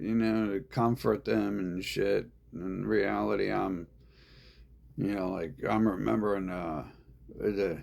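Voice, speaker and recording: Slow gravelly man rambling. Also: lowish voice, little pitch movement, darkish tone. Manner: meandering, profane, repeats himself. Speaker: vlogger. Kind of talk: rambling monologue.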